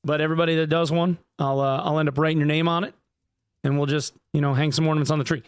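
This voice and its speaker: A man's voice: a little high, flat delivery, fast, clean tone, no echo, clean studio sound. A man streaming live, chatting casually with viewers, jokey and profane. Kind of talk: casual livestream chat.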